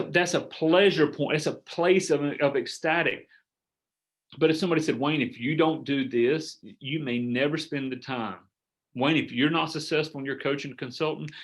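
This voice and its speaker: Earnest middle-aged male business coach. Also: fairly high pitch. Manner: earnest, animated, acts out sample dialogues. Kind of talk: coaching workshop talk.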